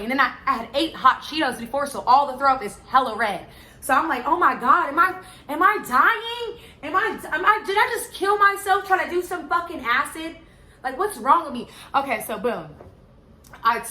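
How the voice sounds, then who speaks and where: A young woman telling a casual storytime, rambling with constant filler words and getting loud and excited. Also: a little high, a little hiss or hum. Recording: echoey room.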